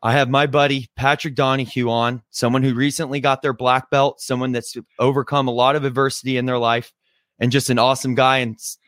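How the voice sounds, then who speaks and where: A man's voice: medium pitch, level tone, a little fast, fairly bright tone, no echo, studio quality. Upbeat young man hosting a podcast. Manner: friendly, upbeat, many fillers like "you know" and "right". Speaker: podcast host. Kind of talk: casual interview.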